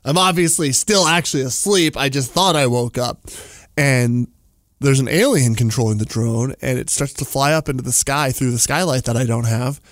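A man's voice: mid-range voice, normal speed, dry recording. A man, telling a story casually in a studio, with lots of fillers and laughter. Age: 40s.

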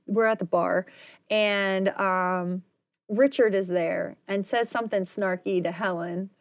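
A woman's voice: mid-range voice, steady tone, a little slow, dry recording. A woman co-hosting a podcast, chatting casually and rambling through a recap with side notes and acted-out quotes. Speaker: podcast co-host.

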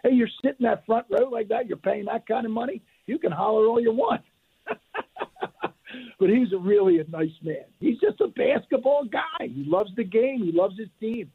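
A man's voice: high voice, expressive, normal speed, creaky, slightly rough. An older man, a retired referee, telling stories animatedly as a guest, often restarting and repeating words, heard over a tinny phone line. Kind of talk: phone interview storytelling.

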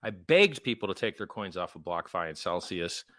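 A man with a somewhat low, bright and forceful voice talks emphatically, slipping into mocking voices for quoted exchanges. The sound is dry and close to the mic. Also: very animated, moderate pace, dry recording. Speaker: guest, crypto founder. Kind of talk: animated interview talk.

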